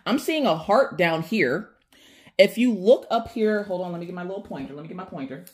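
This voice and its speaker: A woman's voice: fairly low pitch, brisk. Lady unboxing a craft kit, gets real hyped, voice jumps all over the place. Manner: excitable, chatty, addresses viewers as y'all. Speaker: craft channel host. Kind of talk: unboxing vlog.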